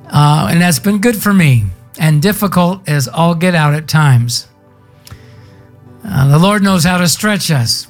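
A pastor giving a sermon in a folksy, conversational storytelling way with casual slang. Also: mid-range voice.

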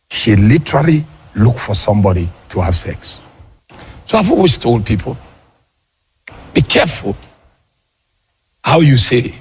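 A man preaching in church with a very husky, raspy voice. His delivery swings widely, rising into shouted, sing-song peaks and dropping into quick, low asides. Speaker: pastor. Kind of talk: sermon.

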